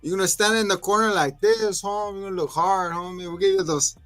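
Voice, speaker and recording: A man's voice: high voice, fairly even intonation, fast, fairly bright tone, no echo, faint music behind. A man putting on a swaggering Chicano gang member. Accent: put-on Mexican-American. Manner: slangy, tough, teasing.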